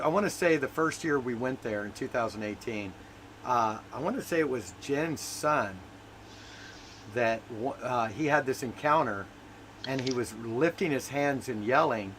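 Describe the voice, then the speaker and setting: A man hosts a faith discussion in a mid-pitched voice. He speaks like a preacher and builds to emphatic, repeated declarations, with a faint hiss of background noise. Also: expressive, measured pace, a bit bright. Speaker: host. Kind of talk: faith talk show discussion.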